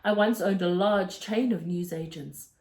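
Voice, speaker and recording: A woman reading aloud, voicing a kindly, fussy middle-aged male newsagent who talks in a gentle, fatherly, earnest way. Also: fairly low pitch, measured pace. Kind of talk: storybook read-aloud.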